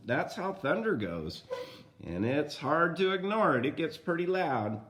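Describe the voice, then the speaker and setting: An older man reading a children's storybook aloud in a gentle way, stopping to talk to young listeners. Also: fairly high pitch, sing-song, unhurried. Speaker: grandfather reading a picture book aloud.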